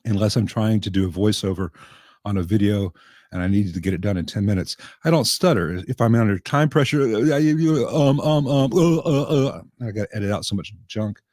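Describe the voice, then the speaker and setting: A rather low-pitched man with a light Southern American lilt chats loosely and drily on a video call. His voice sits close and dry, with no room around it, and he jokes in a deadpan way while circling back on his words. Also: quick pace, no echo. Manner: chatty, dry humor, frequent restarts. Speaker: guest amp technician. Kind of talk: casual live chat.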